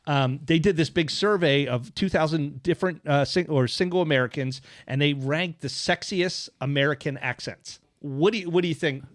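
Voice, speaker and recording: A man's voice: on the high side, moderate pace, hardly any pauses, no echo, studio quality. A man hosting a radio talk show, reading out quirky news items in rambling casual chat with many fillers. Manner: rambling, many fillers, enthusiastic about lists. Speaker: host. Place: radio studio.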